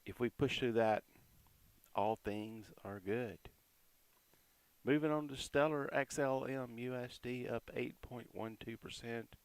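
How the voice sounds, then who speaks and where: A man giving casual, chatty commentary on crypto price charts, reading out support and resistance levels with quick asides. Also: medium pitch, smooth, no room sound.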